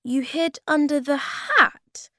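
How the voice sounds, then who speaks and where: A woman's voice: sits high, fairly even intonation, takes it slowly, bright, forceful tone, no room sound, clean studio sound, voice pushed up, heavily acted. A woman voicing a small, curious and anxious male creature in a storybook, with a lifted, questioning voice.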